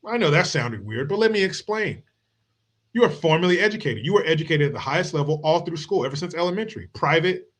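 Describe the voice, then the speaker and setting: A man's voice: medium pitch, fairly bright tone. Blunt, mocking male podcast host. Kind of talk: political commentary rant.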